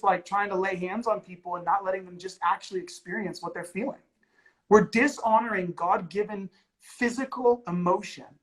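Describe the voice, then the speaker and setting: A man's voice: high-pitched, a bit bright, rough recording. A man and ministry leader talking candidly and earnestly, with many "like"s and "you know"s. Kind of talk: candid conversational talk.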